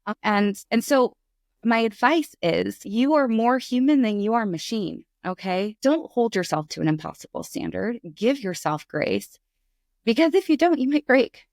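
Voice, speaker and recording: A middle-aged woman, a podcast guest, telling a candid story in conversation, lively and acting out the voices in it. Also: fairly high pitch, normal speed, no room sound, studio quality. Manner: animated, acts out voices in her stories.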